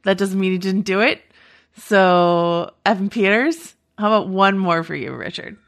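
A woman co-hosting a podcast in casual chat, chatty and quick to laugh, wandering into asides. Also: mid-range voice. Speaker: podcast co-host.

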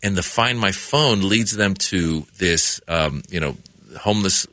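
Animated man telling a story in a bright voice. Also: low-pitched, unhurried, dry recording. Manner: animated storyteller who acts out the people in his stories. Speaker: comedian guest. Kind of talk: casual studio chat, telling a story. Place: radio studio. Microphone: studio microphone.

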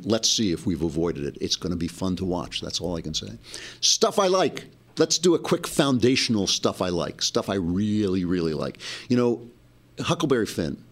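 Low-voiced man hosting an impassioned monologue. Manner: impassioned, with frequent restarts. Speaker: host. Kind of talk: monologue commentary.

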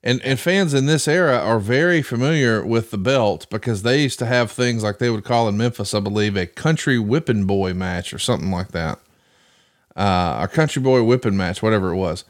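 A man's voice: lowish voice, moderate pace. Man spinning long wry stories. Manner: long wry storytelling asides. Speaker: podcast co-host. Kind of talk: casual chat.

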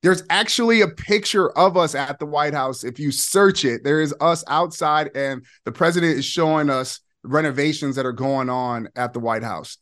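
Guy in his 40s spinning a story on a podcast, kinda high voice, talks fast when it gets good. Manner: excited, quick bursts, laughing asides. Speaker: podcast guest, former player. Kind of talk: animated storytelling.

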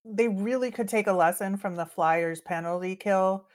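A woman's voice: medium pitch, moderate pace. A young adult woman co-hosting a hockey podcast, chatting casually and upbeat with many fillers. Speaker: podcast co-host.

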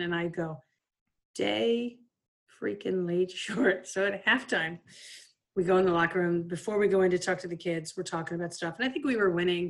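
A woman in her fifties, a former player and coach, telling stories in a casual interview, full of "like" and "you know". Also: lowish voice. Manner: lively anecdotal, frequent "like" and "you know".

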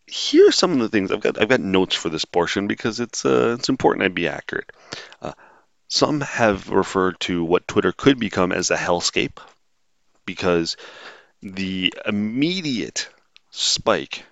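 Man, podcast host, very low voice, sarcastic, rambling, muffled dry recording. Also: gravelly, fairly bright tone, dry recording. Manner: rambling, wry and sarcastic, frequent filler words. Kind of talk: casual solo monologue. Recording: dull, dry lo-fi sound.

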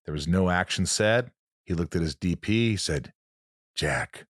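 A middle-aged man with a very low, deep voice chats casually, reading fan questions and telling stories. The sound is dry and close, with no room around it. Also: moderate pace, no echo. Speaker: co-host.

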